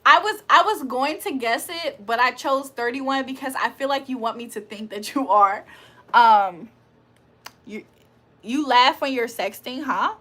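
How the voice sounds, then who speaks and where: A woman's voice: sits high, a little slow, bright, forceful tone. A young woman hosting a casual livestream, reading chat aloud and laughing often. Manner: chatty, laughs often, reads comments aloud.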